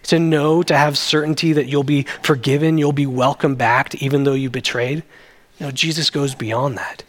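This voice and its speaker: A man's voice: medium pitch, steady tone, normal speed, fairly bright tone. A man, a pastor, preaching a sermon in an earnest, conversational way.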